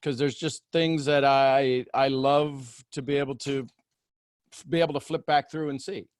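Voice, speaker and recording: A man's voice: mid-range voice, fairly even intonation, moderate pace, no room sound, studio quality. A man hosting a coaching call, talking animatedly and acting out inner voices as he guides participants. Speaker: host and coach.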